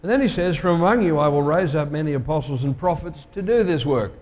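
A pastor delivering a sermon, measured and emphatic, slowing down to stress key phrases. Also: male voice, fairly high pitch, expressive, a little mellow. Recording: long hall reverb.

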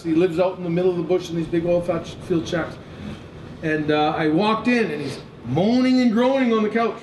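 A man preaching in a storytelling way, laughing often and acting out what people said. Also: sits high. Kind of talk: storytelling sermon. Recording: echoey room, mic far off, noisy.

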